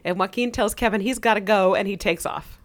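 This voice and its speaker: A woman's voice: medium pitch, fairly quick. A woman co-hosting a podcast, casually recapping episode plots and briefly acting out the characters' quotes. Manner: narrates plot, acts out quotes.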